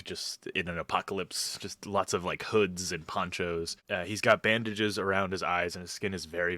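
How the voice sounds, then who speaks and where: A man at a tabletop game describing his character in a rambling, halting way. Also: sits low, sharp tone, no echo. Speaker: player.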